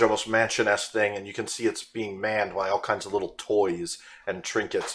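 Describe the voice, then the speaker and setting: A man's voice: lowish voice, fairly bright tone. Man narrating as game master. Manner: descriptive, loose narration with fillers.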